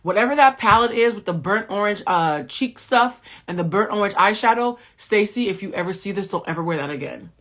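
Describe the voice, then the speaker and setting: A woman hosting a pop-culture recap, sassy and talking straight to her viewers, swinging between loud exclamations and a soft, low voice. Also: animated, brisk, hardly any pauses. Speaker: host and cultural critic.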